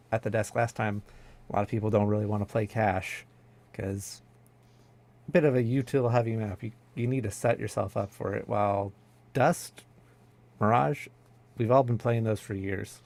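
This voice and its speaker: A man's voice: lowish voice, fairly even intonation, normal speed, vocal fry, a little mellow. A man co-casting an esports match in easygoing chat, modest about his own skill. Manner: easygoing, self-deprecating. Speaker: esports caster. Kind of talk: casual commentary chat.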